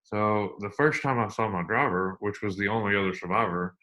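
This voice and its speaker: A middle-aged man speaks in a low voice. He tells his story with earnest repetition and slows right down when it matters. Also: pushed and bright. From United States. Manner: earnest, repeats himself, slow and emphatic at emotional points. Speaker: interview guest, army veteran. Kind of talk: candid storytelling interview.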